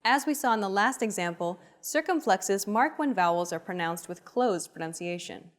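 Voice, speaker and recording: A woman narrating a scripted language lesson in an even, explanatory way. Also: medium pitch, moderate pace, soft background music.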